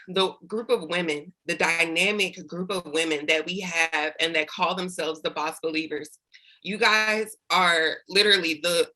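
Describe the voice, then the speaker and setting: A woman's voice: lowish voice, sharp tone, low-quality recording. A woman speaking on a video call as a newly promoted sales director, thanking her team in a heartfelt, effusive way while fighting back tears. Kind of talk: celebration speech on a video call.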